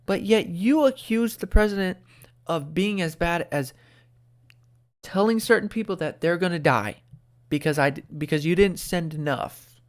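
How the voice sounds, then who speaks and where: A man's voice: high voice, normal speed. Sarcastic man ranting into a close mic. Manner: animated, sarcastic, emphatic. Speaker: host. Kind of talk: opinionated commentary. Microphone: close microphone.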